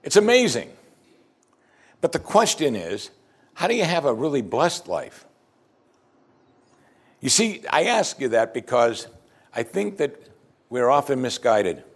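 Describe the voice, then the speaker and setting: A man's voice: mid-range voice, sing-song, a little slow, pauses often, husky. A male pastor preaching a sermon, building emphasis and pressing his listeners with pointed questions.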